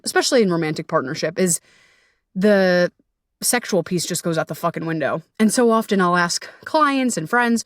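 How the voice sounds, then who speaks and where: A young woman hosting a solo podcast as a relationship coach, talking candidly and casually, swearing freely, with animated jumps into quoted voices. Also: lowish voice, no echo, clean studio sound.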